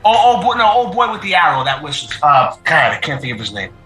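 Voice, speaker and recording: A middle-aged man chats casually on a show, his voice on the high side and fast, with music underneath. He tells stories animatedly and with feeling, repeating his phrases. The recording has a roomy echo.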